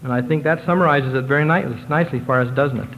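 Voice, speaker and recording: A man giving a religious lecture to a congregation, slowing down and lifting his voice when he reads scripture passages aloud. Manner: slows down and lifts his pitch to read scripture quotations aloud. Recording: tinny lo-fi sound with long hall reverb.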